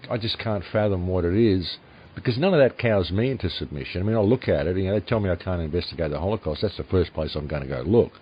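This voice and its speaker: Deep-voiced man hosting radio talk. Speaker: radio show host. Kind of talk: conversational radio interview. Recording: dull lo-fi audio, faint hiss.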